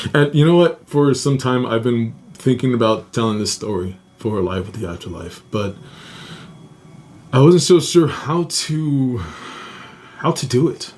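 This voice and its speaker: A young adult man tells a personal story on his podcast in a loose, profane way. He laughs often and jumps his voice way up when acting out other people's lines. His speaking pitch sits in an ordinary middle range. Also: a little slow, pauses often. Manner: profane, animated, laughs often, acts out quotes in high voices. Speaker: podcast host. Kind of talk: casual storytelling.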